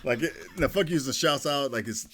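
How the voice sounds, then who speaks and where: A man co-hosting a casual podcast, rambling through shout-outs in a laid-back, profane way. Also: mid-range voice, brisk. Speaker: podcast co-host. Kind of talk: casual chat.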